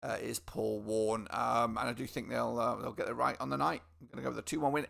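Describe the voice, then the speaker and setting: A man hosts a casual football predictions rundown, chatty and informal, with plenty of fillers and repeated words. His voice sounds bright and a bit gravelly. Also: medium pitch, fairly even intonation, quick pace, few pauses. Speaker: football predictions channel host.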